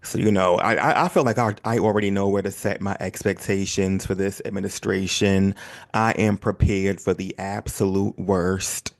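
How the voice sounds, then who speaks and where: A man from the United States hosting his own podcast in a relaxed, chatty, self-deprecating way. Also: sits low, normal speed. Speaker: podcast host. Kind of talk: casual solo podcast chat.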